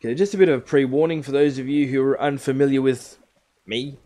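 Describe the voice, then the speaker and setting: A man's voice: medium pitch, fairly even intonation, fairly quick, warm tone. A man streaming a survival game live, casually explaining each step to his viewers. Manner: chatty, explains steps to viewers.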